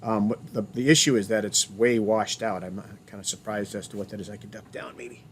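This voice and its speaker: A man's voice: fairly low pitch, fairly even intonation, fairly quick, a little hiss or hum. A man giving a remote college lecture over a video call, chatty, often restarting his sentences and telling corny jokes.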